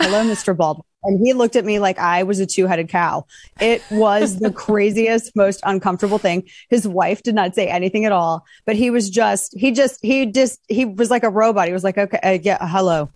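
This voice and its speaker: A woman's voice: mid-range voice, normal speed, no room sound. Emphatic woman guest, dry close sound. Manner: animated storyteller, emphatic. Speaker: guest commentator. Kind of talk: talk show interview.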